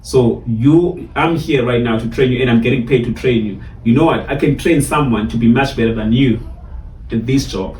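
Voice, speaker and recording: A man from South Africa with a South African Xhosa English accent, telling lively stories in a casual chat with many fillers and repeats. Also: medium pitch, normal speed, a little hiss or hum. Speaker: barista trainer, guest. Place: in a car. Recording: roomy sound, mic at a distance, faint ambience.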